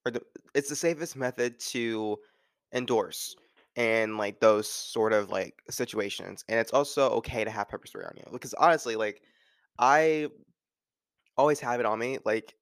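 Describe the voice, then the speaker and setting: Solo talk host: man, smooth voice, loose filler-heavy delivery, close and dry. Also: mid-range voice, normal speed, no echo. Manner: rambling, filler-heavy with frequent "like". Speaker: podcast host.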